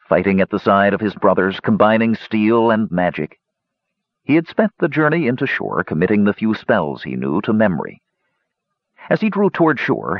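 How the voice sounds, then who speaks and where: A man narrating a fantasy story with expressive storytelling. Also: lowish voice, no room sound. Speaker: audiobook narrator. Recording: dull lo-fi dry recording.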